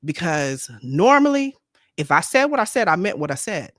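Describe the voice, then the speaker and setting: Outspoken lady co-host talking faith, lowish voice, repeats herself, dry mic. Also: very animated, moderate pace, dry recording. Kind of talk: casual faith talk. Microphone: streaming microphone.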